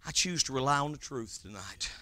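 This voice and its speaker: A man preaching a revival sermon, swinging between loud shouted lines and quiet, hushed scripture quotes. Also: medium pitch, animated, a little fast, no room sound.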